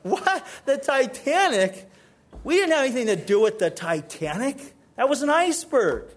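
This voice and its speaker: A man telling a joke in a sermon, voicing a grumpy man at a bar who answers with curt, deadpan lines. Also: extremely high pitch, slow pace, pitched above the performer's own voice, heavily acted. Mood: gruff deadpan.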